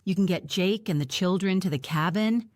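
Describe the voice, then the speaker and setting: A woman reading aloud, voicing another woman giving quick instructions. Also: lowish voice, no room sound, studio quality, close to an everyday voice. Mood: decisive. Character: woman taking charge in a crisis.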